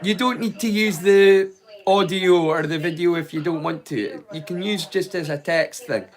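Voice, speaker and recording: A man's voice: sits high, normal speed. A man hosting a livestream, chatting casually and rambling with viewers by name. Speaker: streamer and host.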